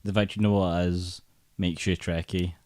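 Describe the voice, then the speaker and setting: A man's voice: low-pitched, little pitch movement, normal speed, darkish tone, no echo, clean studio sound. A man co-hosting a casual podcast chat, teasing his co-host and telling stories dramatically.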